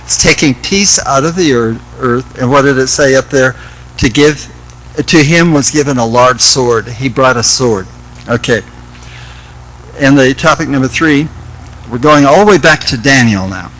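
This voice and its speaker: A man's voice: mid-range voice, normal speed, a bit bright, rough recording. A man leading an informal Bible study, reading scripture aloud and asking rhetorical questions in a conversational way.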